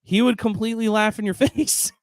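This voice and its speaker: Guy talking casual on an interview, kinda high and smooth voice, dry sound, laughs a lot. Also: brisk, dry recording. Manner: excitable, laughs often, heavy use of fillers. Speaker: interview guest. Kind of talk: casual conversation.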